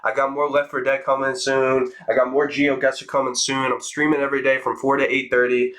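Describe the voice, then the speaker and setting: Young guy, casual storytime, animated and profane, crisp bright voice. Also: medium pitch. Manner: fast, animated, swearing, acts out quotes. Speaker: streamer telling a story.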